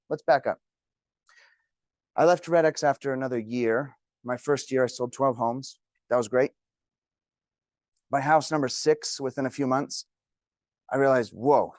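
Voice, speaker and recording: A man's voice: medium pitch, no echo, clean studio sound. A man teaching a real estate class, telling joking stories to the room. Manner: jokey, storytelling. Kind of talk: classroom talk.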